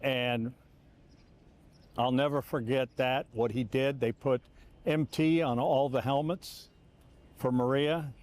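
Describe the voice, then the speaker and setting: A man's voice: mid-range voice, slow pace, long pauses. An older man, a longtime sportscaster, telling stories in a reflective interview, often restarting sentences and acting out quoted lines. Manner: animated, repeats words and restarts, acts out quotes.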